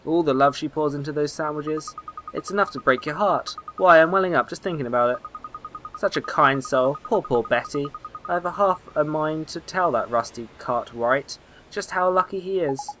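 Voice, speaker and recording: A man's voice: a little high, normal speed, a bit bright, a little hiss or hum, pitched above the performer's own voice, lightly acted, low-quality recording. A man voicing a chatty, fussing old woman neighbour who loves to gossip, with game music behind. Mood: gossipy.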